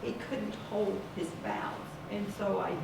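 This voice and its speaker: A woman's voice: medium pitch, fairly even intonation, a little slow, vocal fry. A woman in the audience sharing a personal story, hesitating and restarting often. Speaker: audience member. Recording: echoey room, far from mic, background noise.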